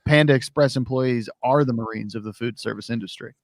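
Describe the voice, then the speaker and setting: Young male co-host, halting self-mocking banter. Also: medium pitch, no room sound. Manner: hesitant, self-mocking, plays along. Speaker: podcast co-host. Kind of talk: casual comedic chat.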